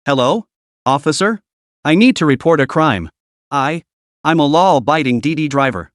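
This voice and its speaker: A man's voice: a little high, lively intonation, moderate pace, dry recording, studio quality, natural voice. A man doing a whimpering fake-victim driver. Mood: aggrieved. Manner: trembling, aggrieved, melodramatic. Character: tearful self-pitying male driver faking victimhood.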